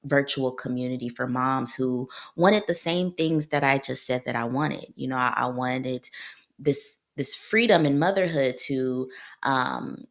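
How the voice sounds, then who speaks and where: A woman's voice: extremely low pitch, a little slow. A woman in her thirties from Ohio, a clinical psychologist hosting her own podcast, talking in a heartfelt, personal way and often repeating herself. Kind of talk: solo podcast monologue.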